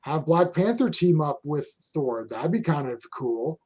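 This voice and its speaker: A Canadian man talks casually as host, with a voice sitting a little high for a man. He rambles through strong opinions, stopping and restarting his sentences often. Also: very animated, measured pace, a little mellow, breathy edge. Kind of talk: casual chat.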